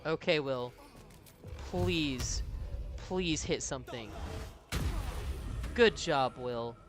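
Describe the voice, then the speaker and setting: A man's voice: mid-range voice, drawn-out words, over music. A man streaming a video game, chatting casually, laughing often and reading viewer messages aloud. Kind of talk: casual live-stream chat over gameplay.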